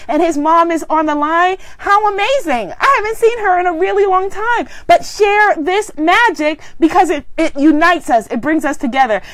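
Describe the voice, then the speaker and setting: In a very high voice on a dry recording, a woman hosts a spiritual livestream from home. She chats casually and reads viewer comments with exuberant, affectionate energy, breaking into cheers and laughter.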